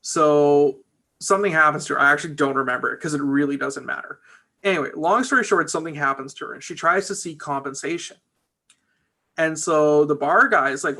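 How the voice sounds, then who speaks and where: A man's voice: fairly high pitch, fairly quick, bright, forceful tone. A man who works as a trial lawyer, chatting casually and energetically as a guest in an interview.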